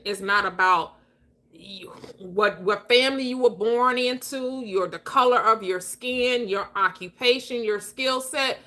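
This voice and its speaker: Bright, emphatic woman preaching on a livestream. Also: a little high. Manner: emphatic, preachy, laughing often. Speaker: livestream host. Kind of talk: casual motivational livestream talk.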